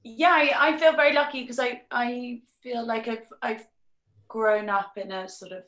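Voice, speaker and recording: Woman, flat even voice, earnest, thoughtful, echoey room. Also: a little high, normal speed. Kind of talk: casual panel chat.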